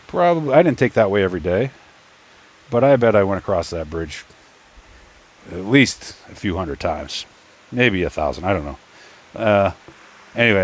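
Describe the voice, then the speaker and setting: A man casually telling a story while tinkering with a 3D printer, rambling and stop-start, talking to himself as he works. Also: deep voice. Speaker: 3D printing YouTuber. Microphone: phone.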